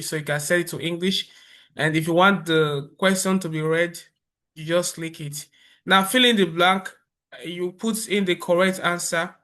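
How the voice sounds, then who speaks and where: A man presenting a software tutorial over a screen recording, explaining step by step in a relaxed way with fillers and restarts. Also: on the high side.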